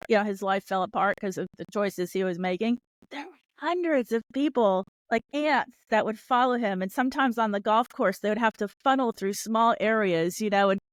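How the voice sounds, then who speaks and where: A woman's voice: mid-range voice, moderate pace, no room sound. A woman hosting an interview podcast, talking in a reflective, chatty way and sharing her opinions. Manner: reflective, chatty, laughs along with the guest. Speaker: podcast host. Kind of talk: conversational interview.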